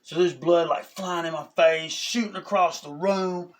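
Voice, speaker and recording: Animated man telling a story. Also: fairly high pitch, unhurried. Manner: animated, keeps asking "you know what I'm saying?". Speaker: vlogger. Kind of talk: casual storytelling to camera.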